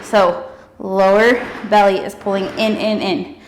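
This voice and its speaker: Leading an exercise session, a young female instructor counts reps, cheers, and lets out whoops, occasionally winded. She speaks at an unhurried pace in a medium pitch, and the low-quality audio has a little hiss or hum.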